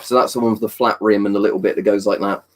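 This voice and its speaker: A man's voice: lowish voice, fairly even intonation, rapid-fire. A man chatting casually on a live stream in a rambling, talkative way, answering viewers' questions and swearing now and then. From Britain.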